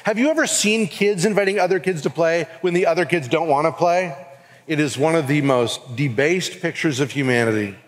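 A man's voice: on the high side, fairly quick. A man giving an earnest sermon as pastor with a Southern US accent. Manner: earnest preaching, acts out quoted voices. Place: church sanctuary. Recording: long reverb of a hall.

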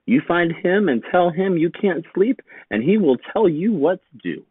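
A man voicing a gentle, wise mother who talks in a soothing, lilting way. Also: high-pitched, sing-song, measured pace, breathy edge, no echo, pitched above the performer's own voice, full character voice. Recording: tinny phone-like sound, dry.

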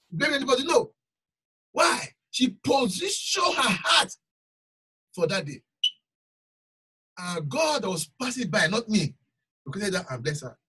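Male preacher, raspy bright voice, emphatic repetition, recorded from a distance. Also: very high voice. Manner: emphatic, repeats phrases for stress. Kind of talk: sermon with personal testimony.

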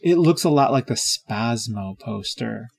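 A man's voice: mid-range voice, expressive, a little slow, gravelly. A man co-hosting a podcast, chatting casually about films in a rambling, hesitant way with frequent chuckles. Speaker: podcast co-host. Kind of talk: casual movie chat.

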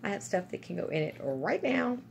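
A woman's voice: mid-range voice, very animated, fairly quick, gravelly, background noise. A woman chatting casually and gushing to her viewers about gifts she is unboxing. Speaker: vlogger.

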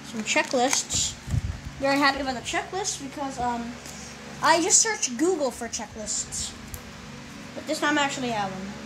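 Unboxing vlogger, female, high voice, slow and whiny, sulky and dramatic, noisy recording. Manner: dramatically disappointed, whiny outbursts. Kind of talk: casual unboxing commentary.

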